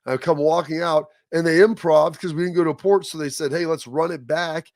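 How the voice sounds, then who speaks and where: A male host tells a loose, rambling story, restarting his sentences as he goes. His voice sits slightly high, and the recording is close and dry. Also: fairly even intonation, a little fast, a little mellow, no echo. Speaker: show host. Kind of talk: casual chat.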